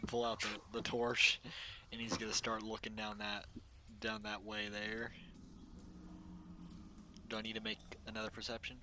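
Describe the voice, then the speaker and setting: A man's voice: on the low side, monotone, moderate pace, pauses often, noisy background. A man playing a tabletop game over voice chat, easygoing and describing what his character does. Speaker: player.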